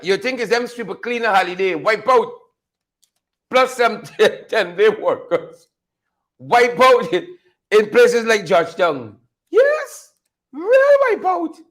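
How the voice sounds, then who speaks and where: Male host, high-pitched, unscripted mocking commentary full of laughter. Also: a bit bright. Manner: mocking, laughs often, repeats phrases for effect. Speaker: show host.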